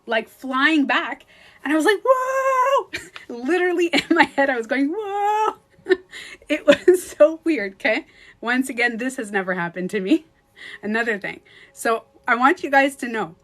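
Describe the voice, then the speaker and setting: Woman, livestream storytelling, casual, animated, a little high-pitched, lots of fillers. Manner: animated, swears casually, many fillers, acts out her own thoughts. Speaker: beauty coach livestreaming to followers.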